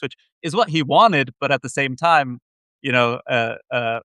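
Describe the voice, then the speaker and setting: His mid-range voice is bright and forceful, and he speaks a little slowly. As a venture investor on a video call interview, he tells rambling stories from his computer, poking fun at himself and restarting often. The sound is dry and studio-clean.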